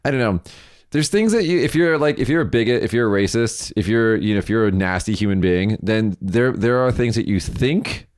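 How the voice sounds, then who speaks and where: A man's voice: fairly low pitch, expressive, brisk, clear, resonant tone, no echo, clean studio sound. A man co-hosting a podcast, chatting casually about news, blunt and sarcastic, and he swears freely. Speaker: podcast co-host.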